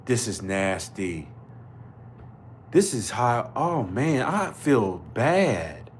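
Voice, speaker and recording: Slow low-voiced man hosting a fight chat. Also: very animated, a little hiss or hum. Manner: outraged, repeats exclamations, slangy. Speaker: podcast host. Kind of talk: live fight commentary chat.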